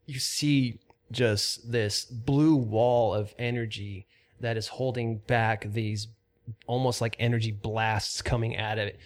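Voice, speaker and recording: A man narrating a tabletop role-playing game as game master, describing scenes in a calm, even way with fillers. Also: medium pitch, slow pace.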